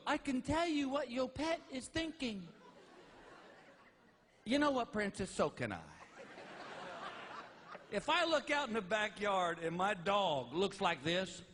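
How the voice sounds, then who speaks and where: Animated, shouting stand-up comic, man. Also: high voice, a little hiss or hum. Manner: animated storytelling with shouted outbursts. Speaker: stand-up comedian. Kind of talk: stand-up comedy. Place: stage before a live audience.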